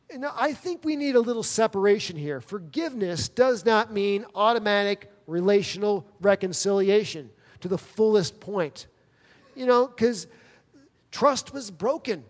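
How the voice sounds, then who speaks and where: A man's voice: high voice, expressive, moderate pace. A man preaching a sermon, telling a personal story in a conversational way with quoted dialogue. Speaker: pastor. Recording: long reverb of a large hall.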